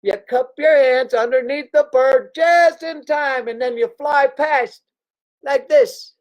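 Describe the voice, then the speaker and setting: A man's voice: extremely high pitch, dull audio. A man hosting a livestream, telling a crude, joking story in a loose, digressive way. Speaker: livestream host. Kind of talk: rambling anecdotal storytelling.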